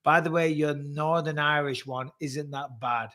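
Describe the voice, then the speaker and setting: A man's voice: fairly high pitch, steady tone, measured pace, sharp tone. Teasing middle-aged man hosting a live chat. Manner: joking, teasing, swears freely. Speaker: podcast host. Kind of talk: casual live-stream chat.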